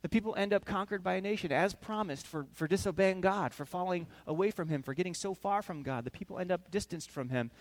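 High-voiced animated male preacher. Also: fast talker, hardly any pauses. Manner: animated storytelling, acting out scenes. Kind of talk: sermon.

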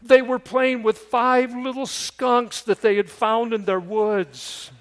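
An older man, a pastor and great-grandfather, preaching a sermon. He moves from loud storytelling to low, hushed pleading. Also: fairly even intonation, slow pace.

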